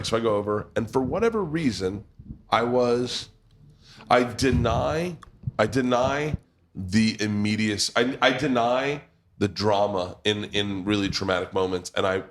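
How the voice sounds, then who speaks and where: A man, hosting a podcast and telling a family story in a loose, laughing way with crude asides, recorded in a pub. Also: lowish voice. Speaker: podcast host. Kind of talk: storytelling in casual chat.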